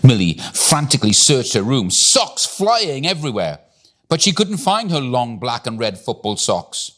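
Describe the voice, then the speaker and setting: A man reading a bedtime story aloud in an expressive, deliberate storytelling manner. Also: mid-range voice.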